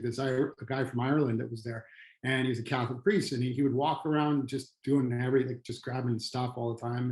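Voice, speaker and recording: A middle-aged retired firefighter, who now trains people in trauma and resilience, tells a personal story earnestly but haltingly, often restarting his sentences. His mid-range voice is a little mellow, and the low-quality recording is reverberant.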